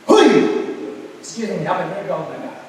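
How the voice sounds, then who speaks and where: A man's voice: sits high, fairly quick. Young Naga man debating in echoey hall. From Nagaland, India. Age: young adult. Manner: rhetorical, emphatic, building to forceful points. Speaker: debate speaker. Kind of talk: formal competitive debate speech. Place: school hall. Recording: echoey hall, distant mic, faint hiss.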